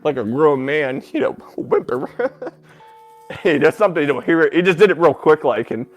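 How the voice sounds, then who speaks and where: A man telling a painful personal story as an interview guest, halting and breaking off with filler sounds, sounding close to tears. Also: fairly high pitch. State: emotional, near tears. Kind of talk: emotional personal account.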